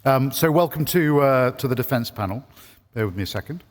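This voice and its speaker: A man's voice: medium pitch, animated, brisk. Hesitant man moderating in a hall. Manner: hesitant, with many ums and restarts. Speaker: panel moderator. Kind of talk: conference panel introduction. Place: large conference hall. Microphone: handheld microphone. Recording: long hall reverb.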